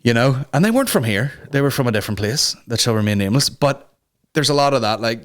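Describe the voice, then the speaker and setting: A man's voice: medium pitch, expressive, fast. A young man hosting a comedy podcast, crude and sarcastic, swearing often as he rants and mocks people in put-on voices. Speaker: podcast host.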